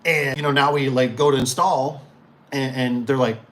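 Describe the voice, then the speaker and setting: A man's voice: medium pitch, fairly even intonation, moderate pace. A middle-aged man who owns a garage door business, talking casually and rambling as he acts out customers. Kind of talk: casual shop talk.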